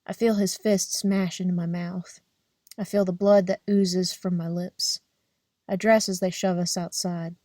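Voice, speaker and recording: A young woman reading a novel aloud in a steady, plain first-person narration. Her voice is mellow and soft-edged. The recording is close and dry, with no room sound. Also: fairly low pitch, unhurried, no room sound. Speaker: audiobook reader. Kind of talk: audiobook narration.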